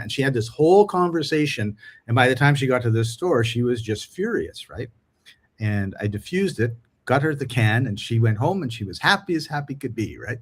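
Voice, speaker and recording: Animated middle-aged man telling stories. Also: mid-range voice, moderate pace, husky. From Canada. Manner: animated storyteller acting out dialogue. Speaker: podcast co-host. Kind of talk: casual podcast chat.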